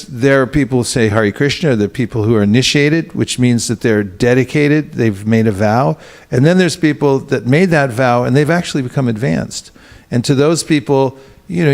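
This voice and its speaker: A man's voice: mid-range voice, vocal fry. A man giving a sermon as a spiritual teacher, speaking conversationally with frequent fillers and stories. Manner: conversational, storytelling with filler words.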